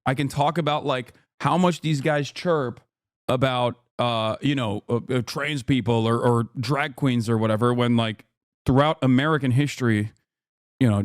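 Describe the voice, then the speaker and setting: A man's voice: mid-range voice, steady tone, moderate pace, no room sound, clean studio sound. A man streaming a reaction video, ranting casually and emphatically, swearing often and checking in with "okay?". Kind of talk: casual profane rant.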